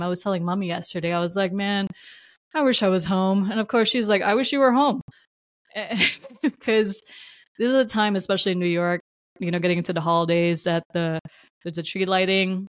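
Chatty podcast woman, low and dry. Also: dry recording. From New Jersey. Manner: chatty and warm-hearted, laughs often, loose filler-heavy rambling. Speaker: podcast host. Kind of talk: casual reflective monologue.

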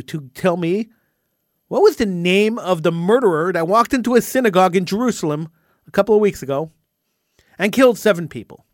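A man's voice: sits high, no room sound, studio quality. A man hosting a talk radio show, delivering an indignant monologue and often repeating words as he gets worked up.

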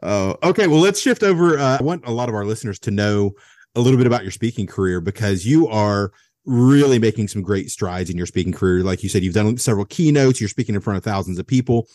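Podcast host guy, kinda low voice, jokey and upbeat, long rambly questions, dry mic. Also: animated, fast talker, a little mellow, dry recording. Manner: upbeat interviewer, playful banter, rambling questions. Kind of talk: interview podcast conversation. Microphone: podcast studio microphone.

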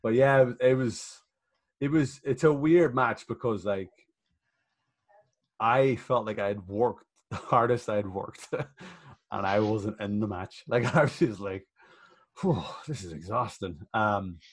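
Laid-back man, low voice. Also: slow. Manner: laid-back, swears freely, laughs often. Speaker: professional wrestler guest. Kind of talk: casual podcast chat.

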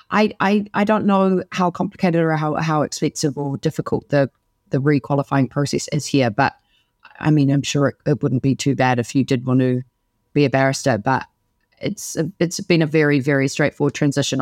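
A woman's voice: a bass voice, a little mellow, no room sound, studio quality. New woman, earnest podcast co-host. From New Zealand. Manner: earnest, explains step by step with restarts. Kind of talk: casual chat.

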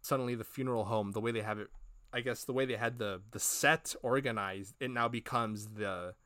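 A man's voice: lowish voice, steady tone, fairly quick, pushed and bright, dry recording, studio quality. A man cohosting a podcast, retelling scenes in a casual, rambling way with many fillers and quoted lines. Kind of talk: casual review chat.

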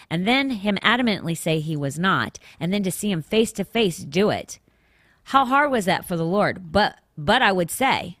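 A woman's voice: lowish voice, fairly bright tone, no room sound, clean studio sound. A woman hosting a faith podcast, teaching a Bible passage in an earnest, conversational way with asides and restarts. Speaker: podcast host.

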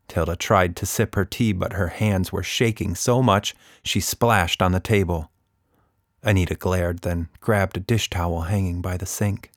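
A man narrating a children's story in a calm, expressive way. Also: deep voice, a little slow, no room sound, clean studio sound.

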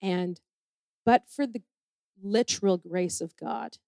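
A woman telling a personal story in an animated, self-deprecating way, acting out the people she quotes. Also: mid-range voice, slow, creaky, no echo, clean studio sound. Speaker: speaker sharing a personal testimony.

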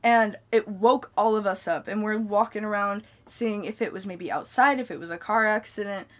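A woman's voice: medium pitch, normal speed. Rambling young woman telling stories. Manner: rambling storyteller, heavy on filler "like". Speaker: podcast co-host. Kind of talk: casual podcast chat.

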